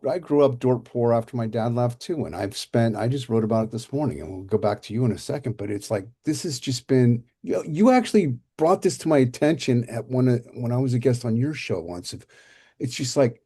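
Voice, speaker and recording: A man's voice: mid-range voice, lively intonation, fairly quick, mellow, breathy edge. A man hosting a podcast conversation, speaking reflectively about his own past. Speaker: podcast host and coach. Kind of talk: casual interview chat.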